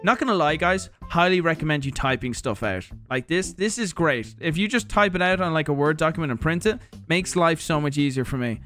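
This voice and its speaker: Animated streamer with a lightish voice. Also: male voice, on the high side, brisk, hardly any pauses, faint music behind. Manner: animated, swears freely, reads viewer letters aloud. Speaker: streamer host. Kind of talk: casual livestream unboxing chat.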